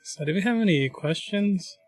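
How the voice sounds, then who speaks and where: A man's voice: high voice, expressive, moderate pace, dry recording, soft background music. A man co-hosting a casual advice livestream, reading questions and giving earnest, rambling advice.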